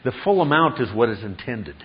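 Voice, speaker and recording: A man's voice: medium pitch, sing-song, a little fast, lo-fi sound. A man preaching a sermon, stressing his points through repetition and questions to the congregation. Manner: emphatic, repeats key phrases, asks the congregation questions. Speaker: pastor.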